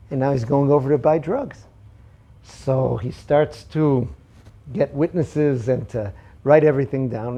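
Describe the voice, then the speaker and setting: A man's voice: mid-range voice, mellow. A man teaching a Torah class, telling parables and acting out the quotes in them. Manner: storytelling, acts out quotes.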